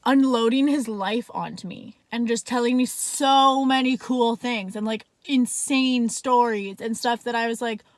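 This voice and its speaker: A woman's voice: fairly high pitch, a little slow, hardly any pauses, dry recording. A young woman telling a story in a casual vlog, talking chattily with constant "like" fillers and plenty of swearing. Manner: chatty, fills speech with "like", swears freely.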